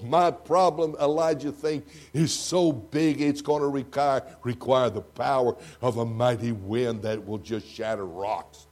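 Dramatic older Texan preacher. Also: male voice, mid-range voice, unhurried, hardly any pauses. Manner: dramatic, swinging from loud to hushed. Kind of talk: sermon. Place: church before a congregation.

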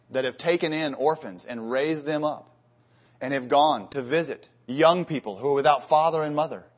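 A man's voice: fairly high pitch, fairly bright tone. A man preaching a sermon, earnest and building to emphatic peaks, often repeating words as he goes.

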